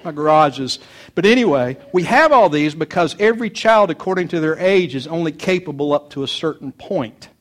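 A man's voice: fairly high pitch, expressive, fairly quick. An older man, a pastor, preaching a sermon to parents in an earnest, folksy way, mixing homespun stories from his own family with plain advice.

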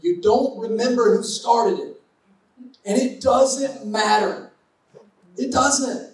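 A man's voice: very high-pitched, slow. A man preaching a conversational sermon to a congregation, with playful asides. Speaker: pastor. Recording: echoey hall from far off.

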